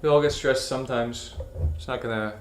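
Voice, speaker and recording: A man's voice: mid-range voice, fairly even intonation, brisk. A tired young man chatting casually and profanely while live-streaming a video edit, mumbling through his work. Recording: echoey room with faint hum.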